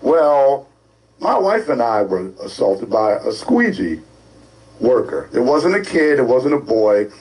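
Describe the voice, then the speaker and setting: A male co-host from ranting in an animated, scolding, sarcastic way on a talk show. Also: medium pitch, measured pace, low-quality recording. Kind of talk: opinionated talk-show rant.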